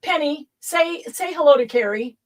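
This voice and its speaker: A woman hosting a casual craft livestream at home, chatty and quick to laugh as she greets viewers by name. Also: sits high, lively intonation, poor audio.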